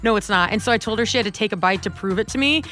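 A woman's voice: medium pitch, very fast, fairly bright tone, faint music behind. A woman co-hosting a casual radio show, bubbly and laughing as she tells stories to callers. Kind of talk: casual morning radio chat.

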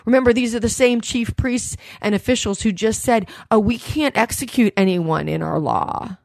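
A woman's voice: a little high, moderate pace, gravelly, darkish tone, dry recording, clean studio sound. A woman preaching a sermon, retelling scripture in a conversational storytelling way.

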